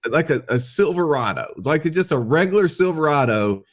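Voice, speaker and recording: A man telling a wild story as a podcast guest, excitable and quick to laugh, quoting people as he goes. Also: on the high side. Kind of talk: animated storytelling.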